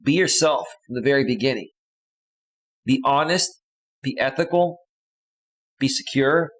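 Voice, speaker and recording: A male relationship coach giving casual advice in an earnest, lecturing way. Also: mid-range voice.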